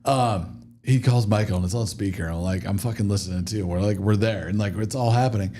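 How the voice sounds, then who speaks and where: A man hosts a casual podcast and tells his stories with a lot of energy and plenty of swearing. His voice sits a little low. Faint noise hums under the recording. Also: brisk. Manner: profane, animated storyteller. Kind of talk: casual chat.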